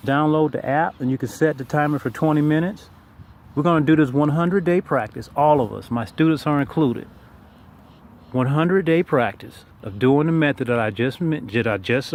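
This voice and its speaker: A man teaching a meditation practice in a casual, emphatic way, talking straight to the listener and repeating his key points. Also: fairly high pitch. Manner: informal, repetitive, emphatic, talks straight to the listener. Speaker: tai chi and meditation teacher. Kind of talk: casual spoken lesson.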